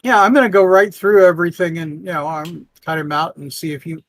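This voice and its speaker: A man playing in a tabletop role-playing game, eager but pausing with fillers. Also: on the high side, steady tone, fairly bright tone, dry recording. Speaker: player.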